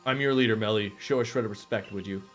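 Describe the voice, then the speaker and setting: A man's voice: fairly low pitch, fast talker, soft background music, voice pushed down, lightly acted. A man voicing a young male video game clan leader who scolds firmly and curtly. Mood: stern.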